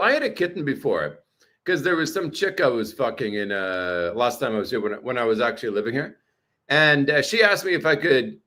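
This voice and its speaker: A man's voice: a little high, a bit bright. A man vlogging casually on a livestream, rambling and blunt, swearing often.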